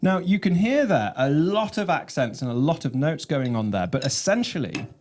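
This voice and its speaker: A man teaching about his own snare drum composition, explaining rhythms in a measured way and counting them aloud. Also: a little high, sing-song, loud music behind the voice. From England.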